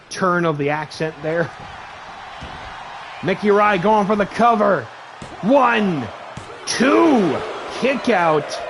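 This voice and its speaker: Gravelly yet high in pitch, a man narrates a wrestling bout move by move against a noisy backdrop. His excitable play-by-play comes in short bursts, broken up by thanks to his stream viewers.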